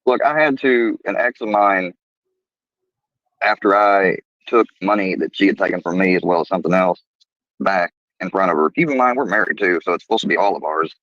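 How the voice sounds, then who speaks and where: Fast-talking low-voiced man, lo-fi call. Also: fairly bright tone, no room sound. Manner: rambling, blunt, swears. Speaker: guest streamer. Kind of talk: casual live-stream chat.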